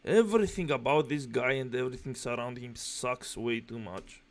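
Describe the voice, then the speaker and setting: A man's voice: mid-range voice, moderate pace, heavy background noise. A man doing reaction commentary in aggressive, profane, mocking rants.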